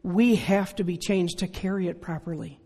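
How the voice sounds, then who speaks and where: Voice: medium pitch, moderate pace, mellow, breathy edge. A preacher in their sixties giving an earnest, conversational sermon full of rhetorical questions. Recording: long reverb of a large hall.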